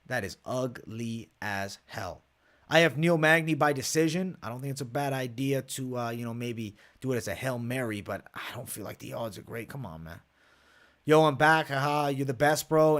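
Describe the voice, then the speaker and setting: A young man talks through fight picks and betting lines on a late-night live stream. He is brash and profane, swinging between hyped bursts and low asides to his viewers. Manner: brash, profane, hyped, reads chat aloud. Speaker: MMA livestream host. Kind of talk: casual live betting breakdown.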